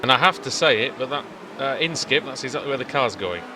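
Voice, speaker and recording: A man's voice: mid-range voice, fast, very noisy. A man giving chatty, rambling live commentary on a sim race, with many fillers. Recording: race car engines loud behind.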